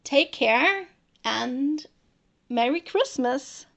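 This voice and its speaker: A woman giving a rushed, soft holiday greeting to listeners. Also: sits high, lively intonation, creaky.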